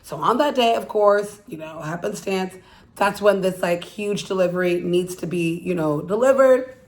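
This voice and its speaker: A woman's voice: on the low side, normal speed, darkish tone. Rambling woman recapping a movie plot. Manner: rambling, heavy fillers of "like" and "you know"; blunt, swears freely. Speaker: YouTube channel host.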